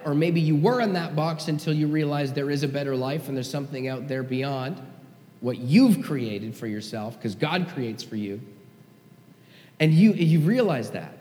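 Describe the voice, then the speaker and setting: A man's voice: a little high, animated, unhurried, a little mellow. A male pastor preaching a sermon in a conversational, emphatic way and often checking in with his listeners. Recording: echoey hall.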